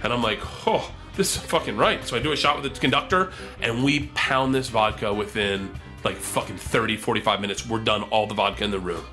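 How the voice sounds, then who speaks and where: A man telling a wild comedy story, animated and profane, acting out the quotes. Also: on the low side, a little fast, soft background music.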